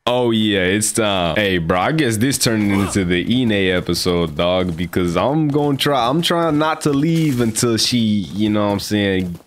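A young man giving casual, excitable gameplay commentary, joking and trash-talking. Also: lowish voice, a little slow, few pauses, slight background noise. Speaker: gaming video host.

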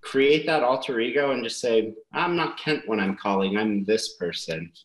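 A man's voice: mid-range voice, expressive, normal speed, roomy sound, a little hiss or hum, poor audio. A man giving earnest motivational sales advice in a casual webinar chat. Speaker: sales prospecting guest.

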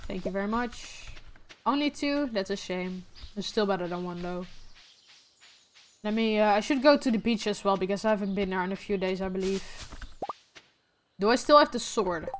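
A woman's voice: mid-range voice, a bit bright. A young woman streaming a game, keeping up a casual running commentary and often correcting herself. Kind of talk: casual gameplay chat.

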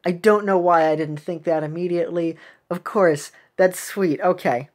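A woman's voice: lowish voice, moderate pace, a little mellow. A woman hosting a game video who chats casually about the cutscenes, musing and trailing off with ums.

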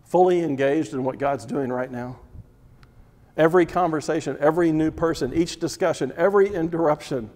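A male Bible teacher preaching with emphatic, repetitive phrasing and pointed rhetorical questions. His voice sits slightly high for a man. The sound rings out with the long reverb of a big hall. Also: a little fast, darkish tone. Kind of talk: sermon.

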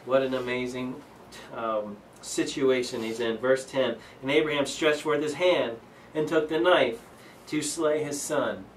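A man's voice: medium pitch, fairly even intonation, a little slow, hardly any pauses, roomy sound, recorded from a distance, slight background noise, low-quality recording. A man leading a Bible study, reading scripture aloud and explaining it earnestly, with many fillers and restarts. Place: church room.

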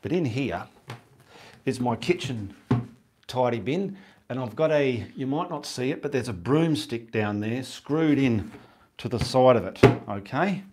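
In a home studio indoors, a painting instructor with an expressive, mid-range, slightly mellow and husky voice talks a little slowly through a live demonstration. He's chatty and casual, talking while he works and muttering to himself between steps.

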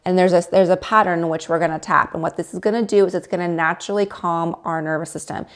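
A woman's voice: on the low side, steady tone, fast. A woman hosting a casual livestream, coaching viewers step by step and acting out their inner voices. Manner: coaching, demonstrates tapping, acts out inner voices. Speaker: livestream host.

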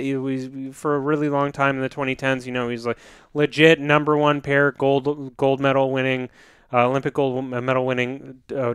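Rambling, profane co-host. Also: male voice, mid-range voice, a bit bright, smooth, no room sound, clean studio sound. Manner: rambling, joking, profane, trails off into mutters. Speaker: podcast co-host. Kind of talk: casual podcast banter.

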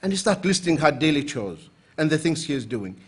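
With a slightly rough, a little high male voice and a somewhat fast pace, this Emirati Islamic lecturer tells stories animatedly at a conference. He acts out the voices of people he quotes, playing them for humor.

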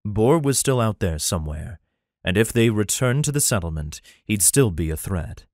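Low-voiced man reading an audiobook. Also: animated, moderate pace, darkish tone, dry recording, clean studio sound. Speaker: audiobook narrator. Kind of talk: scripted narration.

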